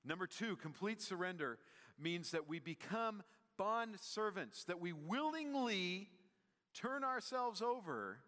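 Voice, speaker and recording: Pastor preaching in a reverberant hall. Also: male voice, high voice, big pitch swings, slow pace, sharp tone. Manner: conversational with filler words, rising to emphatic peaks. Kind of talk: sermon. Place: church sanctuary. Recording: long hall reverb, church sanctuary.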